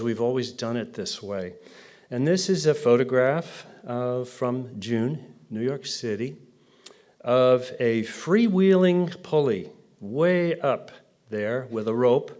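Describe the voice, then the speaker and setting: A middle-aged man from New Jersey speaks at a conference, telling stories with humor. His pitch sits in an ordinary middle range, and he acts out the people he quotes. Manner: animated storyteller, mimics voices in quotes. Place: conference hall.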